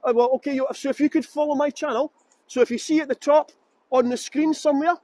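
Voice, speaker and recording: A Scottish man with a strikingly high voice guides a live virtual tour outdoors. He chats in an upbeat, rambling way, greeting viewers by name. The sound is dry and close. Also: steady tone, fast talker, warm tone, no room sound. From Scotland.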